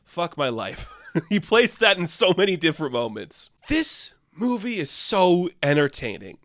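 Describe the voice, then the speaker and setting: A man's voice: a little high, fairly bright tone, dry recording, clean studio sound. A man giving a casual, enthusiastic film review, rambling and saying "like" often.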